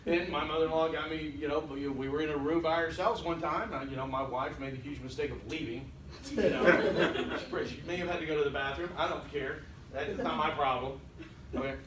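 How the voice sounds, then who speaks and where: A college instructor lectures his class, tossing in wry, joking asides to students. His voice is on the high side and a little fast, captured from far off in an echoey classroom with a noisy background.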